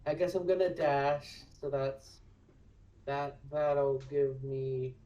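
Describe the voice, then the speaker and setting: Male player, slow and hesitant, muffled stream audio. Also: mid-range voice, steady tone, warm tone. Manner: hesitant, thinks aloud with fillers. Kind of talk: casual tabletop play.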